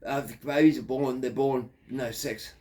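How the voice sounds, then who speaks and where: A man's voice: medium pitch, steady tone, normal speed, warm tone. A man in his fifties with an Australian accent, telling a crude, digressive story in a rambling monologue. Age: 50s. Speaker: factory worker.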